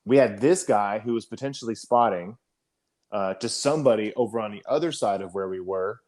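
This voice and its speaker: A man with a fairly low voice recounts a combat story on a casual podcast. He talks loosely and swears often, with plenty of "you know" and "um" between his points. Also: a little fast. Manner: profane, animated storytelling, frequent fillers. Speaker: podcast co-host, army veteran.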